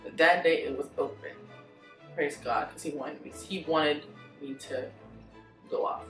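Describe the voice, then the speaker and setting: A woman vlogger telling a storytime in a blunt, profane, animated way. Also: sits low, unhurried, echoey room, far from the mic, soft background music, poor audio. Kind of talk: storytime vlog.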